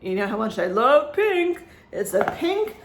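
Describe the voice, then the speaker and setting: A woman's voice: fairly high pitch, very animated, measured pace, background noise. A woman talking through a casual personal vlog, rambling and chatty, with many fillers and frequent laughs. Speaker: vlogger. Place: at home, echoey room. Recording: echoey room.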